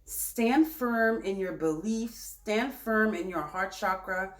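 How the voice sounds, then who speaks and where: A woman giving a tarot reading in a chatty, animated, self-correcting way. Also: mid-range voice, slow, reverberant. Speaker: tarot reader.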